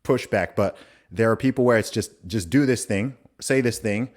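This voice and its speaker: A man's voice: on the low side, moderate pace. A man hosting a podcast conversation, talking emphatically and repeating his points. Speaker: podcast host. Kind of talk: casual conversation.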